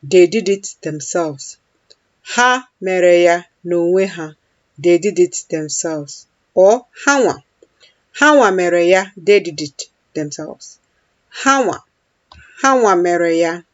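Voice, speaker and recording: A woman's voice: fairly low pitch, lively intonation, slow pace, no echo, dull audio. A woman teaching a language lesson, patiently repeating each phrase for practice.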